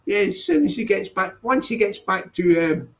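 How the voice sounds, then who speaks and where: A man's voice: high voice, very animated, moderate pace, vocal fry. A man hosting his channel in casual live-stream chat, rambling, correcting himself and reading out the chat. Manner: rambling, self-correcting, stops to read the chat aloud. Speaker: channel host. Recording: dull lo-fi sound.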